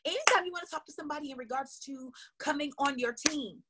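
A woman sales coach giving an energetic, emphatic motivational training talk. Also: high-pitched, fast, heavy background noise. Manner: energetic, emphatic, acts out little dialogues.

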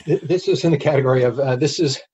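A middle-aged man, guest on an interview show, telling anecdotes in a casual, animated way. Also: mid-range voice, fast talker, husky, dull audio. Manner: animated anecdotes with acted quotes.

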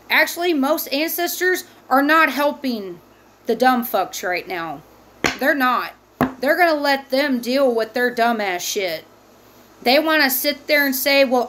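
A high-voiced woman gives a spiritual tarot reading in a slow, deliberate delivery. She is heated and profane, and she stresses every claim. A faint noise sits under her voice. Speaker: tarot reader.

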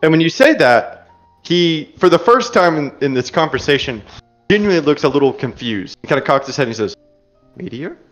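Calm game master narrating. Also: male voice, a little high, a little fast, muffled recording, soft background music.

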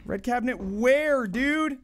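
A woman streaming a horror game, commenting nonstop in a panicky, swearing way that swings from low mutters to sudden screams. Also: expressive, slow pace, faint music behind.

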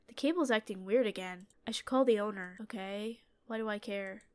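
A woman's voice: medium pitch, a little fast. A woman streamer giving joking running commentary on a horror game as she plays, talking back to the game and screaming at the scares. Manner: jokey, talks to the game, screams at jump scares. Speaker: gaming streamer.

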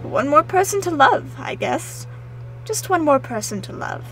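A woman voicing a kind, wise elderly caretaker who speaks in a gentle, knowing way. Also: sits high, big pitch swings, normal speed, faint music behind, voice pushed up, full character voice, low-quality recording.

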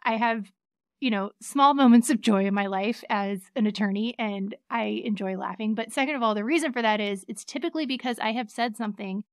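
A woman with a faint Southern accent hosts a casual podcast, her voice sitting a little high. She chats freely, laughs often, and keeps a joking co-host in line. The sound is close and dry. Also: fairly quick, dry recording. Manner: chatty, laughs easily, reins in her co-host.

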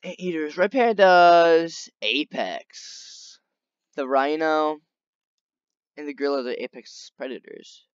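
A man giving casual, excitable gameplay commentary, chatting along and talking to the animals on screen. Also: on the high side, takes it slowly, smooth, no room sound, lo-fi sound. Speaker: gaming video creator.

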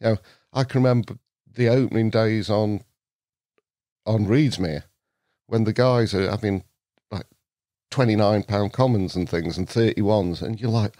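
A man's voice: fairly low pitch, normal speed, no room sound, clean studio sound. A middle-aged man with a North Staffordshire accent, telling stories as a podcast guest in casual chat, laughing often. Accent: North Staffordshire English. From England. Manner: animated storyteller, laughs often.

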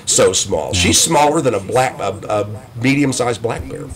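A middle-aged man telling stories in a casual podcast interview, rambling and animated, with frequent restarts. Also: mid-range voice, normal speed. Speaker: guest.

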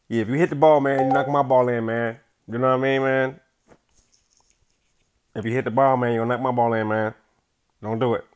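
A young man giving casual gameplay commentary, using slang and swinging between hushed focus and loud outbursts. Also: mid-range voice, fairly quick. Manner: casual slang, says bro and y'all. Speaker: gaming YouTuber.

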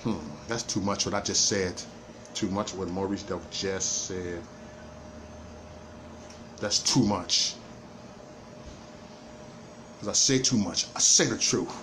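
A man's voice: low-pitched, takes it slowly, long pauses, a bit bright, slight background noise. A man hosting a livestream, delivering an emphatic, repetitive rant to viewers, stumbling into stammered restarts as he goes. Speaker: livestream host. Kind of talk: ranting livestream monologue.

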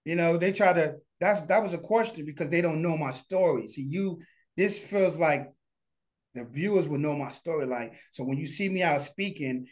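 A man's voice: fairly high pitch, normal speed. A man being interviewed as a guest, talking casually and heartfelt, often restarting his sentences. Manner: earnest, heartfelt, rambling with restarts. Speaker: studio founder, guest.

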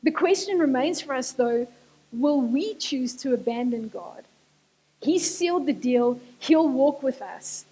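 High-voiced woman preaching in a church hall. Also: animated, unhurried, mellow, husky. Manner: earnest, repetitive emphasis, switches into Afrikaans. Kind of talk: sermon. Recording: church hall with long reverb.

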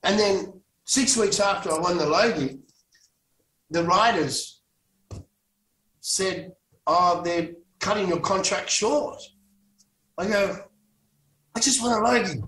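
Man telling stories, slightly high. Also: slow pace, long pauses, a bit bright. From Australia. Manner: rambling, frequent restarts, swears for emphasis. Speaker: guest, former soap actor. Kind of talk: casual storytelling interview. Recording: echoey room, distant mic, faint noise.

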